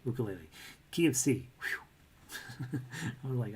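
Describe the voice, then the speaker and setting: A man's voice: mid-range voice, expressive, normal speed, pauses often, breathy edge. A man teaching a casual ukulele lesson, chatty and self-deprecating, breaking into bits of sung melody. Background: ukulele playing.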